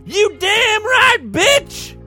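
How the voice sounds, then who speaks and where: A man voicing a crude, furious burned-up man who yells and snarls insults. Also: very high voice, sing-song, very slow, soft background music, pitched above the performer's own voice, exaggerated voice. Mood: enraged.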